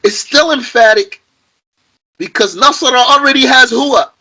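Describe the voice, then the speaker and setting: A man's voice: very high-pitched, moderate pace, pushed and bright, poor audio. A man teaching an Arabic grammar lesson to a class, patient and repetitive, stressing key points emphatically.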